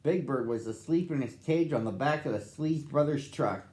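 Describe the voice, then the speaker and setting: A man's voice: fairly high pitch, moderate pace, darkish tone, roomy sound. A man reading a storybook aloud expressively for children.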